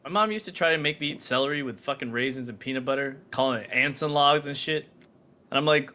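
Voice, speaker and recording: A man's voice: mid-range voice, fast talker, pushed and bright. A man co-hosting a podcast, joking crudely and laughing in casual banter. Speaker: podcast co-host.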